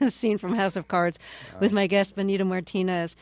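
An interview host introducing clips and asking a guest about their career, in a brisk way and laughing easily. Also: mid-range voice, fairly even intonation, loud music behind the voice. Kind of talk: radio-style interview.

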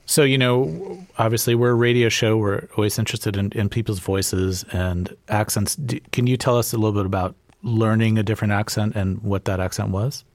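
Low-voiced radio interviewer. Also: male voice, fairly even intonation, fairly quick, few pauses, a little mellow, no echo.

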